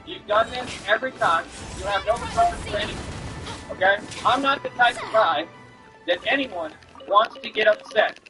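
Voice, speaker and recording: A man's voice: high-pitched, animated, moderate pace, music in the background, low-quality recording. A man streaming while he delivers a confrontational, boastful rant at an online critic.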